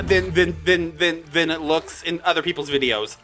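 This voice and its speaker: A gaming video creator giving excitable let's-play commentary, exclaiming in surprise and talking back to the monsters on screen. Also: mid-range voice, moderate pace, few pauses. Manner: excitable, frequent startled exclamations; talks to the game mobs. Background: background music.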